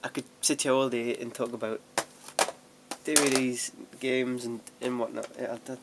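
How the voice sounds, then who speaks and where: This young vlogger's voice is medium-pitched, gravelly and level, at a normal pace, in a very noisy recording. Sorting DVDs at home, he rambles casually, jokes at his own expense, laughs a lot and restarts his sentences.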